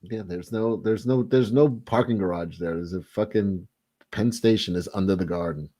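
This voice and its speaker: A man's voice: sits low, moderate pace, warm tone. A man telling rambling, profane stories in casual livestream banter.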